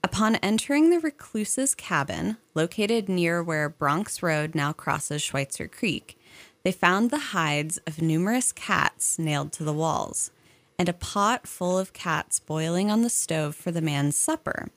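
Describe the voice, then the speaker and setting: A woman with a low, steady voice narrates a piece of local history for a podcast, reading at a measured pace with small spoken asides. The sound is dry and close, with almost no room in it. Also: no echo. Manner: measured storytelling, conversational asides. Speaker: museum historian, co-host.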